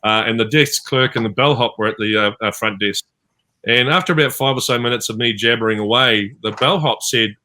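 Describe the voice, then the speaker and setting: This is a fairly quick, bright, forceful medium-pitched male voice with a New Zealand accent. As a guest in a relaxed video-call fan panel, he spins stories and acts out the things others told him.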